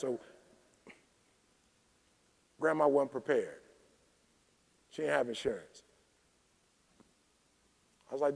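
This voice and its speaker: A man delivering a fiery motivational keynote from a conference stage, his voice pitched high with a gravelly, frying edge. He preaches emphatically and builds to shouted peaks, while the hall throws back a long, reverberant tail. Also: moderate pace, pauses often.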